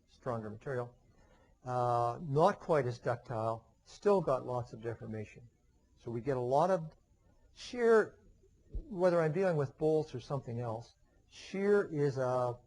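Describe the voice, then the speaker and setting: An engineering lecturer gives a conversational webinar lecture, full of fillers and restarts, often asking questions and answering them himself. His voice is mid-range and darkish, and the recording is rough.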